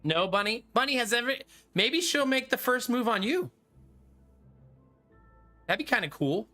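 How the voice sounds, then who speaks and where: A man's voice: extremely high pitch, big pitch swings, moderate pace, bright, forceful tone. A man in his thirties chatting casually with his live-stream chat while playing a card game, laughing often. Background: faint game music.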